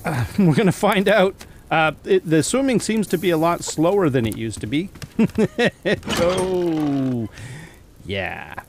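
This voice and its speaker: Male let's-play host, lively up-and-down delivery, chatty, chuckles a lot, counts things under his breath. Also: on the high side, slow, a little hiss or hum. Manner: chatty, thinks aloud and counts items aloud; chuckles often at his own mishaps. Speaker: gameplay commentator. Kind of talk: casual let's-play commentary.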